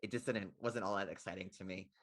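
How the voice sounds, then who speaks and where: Deep-voiced fast-talking young man. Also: fairly even intonation, fairly bright tone. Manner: rambling, heavy use of "like" fillers. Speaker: podcast co-host. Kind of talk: casual film chat.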